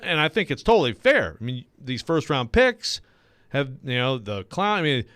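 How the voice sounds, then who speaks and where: Man, sports radio co-host, casual rambling banter, smooth voice, dry studio sound. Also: mid-range voice, big pitch swings, normal speed, fairly bright tone, dry recording. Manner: rambling, self-deprecating, lots of fillers.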